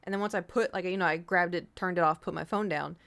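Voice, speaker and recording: A woman's voice: fairly low pitch, steady tone, fast talker, gravelly, fairly bright tone. A woman streamer chatting casually with viewers, telling a rambling story with swearing and the odd whispered aside. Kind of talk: casual chat.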